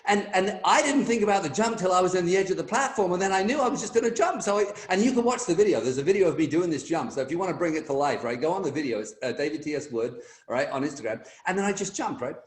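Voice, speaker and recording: Animated middle-aged male storyteller, echoey. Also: high voice, quick pace, hardly any pauses. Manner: energetic, animated storyteller acting out quotes. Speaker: guest speaker. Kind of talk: motivational storytelling on a team call. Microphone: video call.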